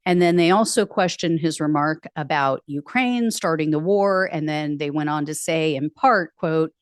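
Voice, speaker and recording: A woman's voice: sits low, normal speed, clear, resonant tone, no room sound, clean studio sound. A woman hosting a political news show, casually commenting and reading out posts with wry, sarcastic asides.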